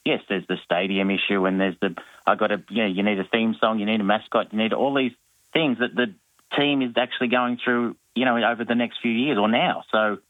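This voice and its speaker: A man's voice: fairly low pitch, fairly even intonation, a little fast, no room sound, narrow, tinny audio. A man, an actor guest on a radio chat show, talking in a rambling, self-mocking way with many restarts.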